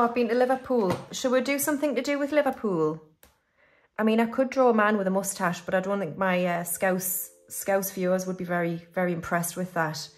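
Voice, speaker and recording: A woman from the UK hosting a budgeting video, chatting casually as she counts money aloud and talks herself through each step. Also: medium pitch. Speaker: budgeting channel host. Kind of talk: casual cash-stuffing commentary.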